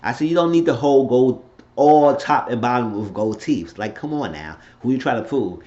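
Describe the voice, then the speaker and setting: A man's voice: mid-range voice, lively intonation, moderate pace, warm tone, dull audio. A man giving a blunt, opinionated, rambling recap of a TV episode in a casual unscripted way. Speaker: TV show reviewer.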